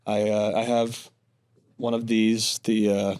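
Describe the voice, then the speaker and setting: Low-voiced man telling a casual story. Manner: relaxed, halting storytelling with fillers. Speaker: podcast co-host.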